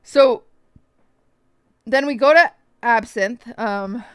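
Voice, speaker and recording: Hiccuping as she goes, a female streamer spins a story for her chat, animated and casual, cursing frequently and mimicking the people she quotes. She speaks slowly in a smooth, slightly high voice, on a dry, studio-quality recording.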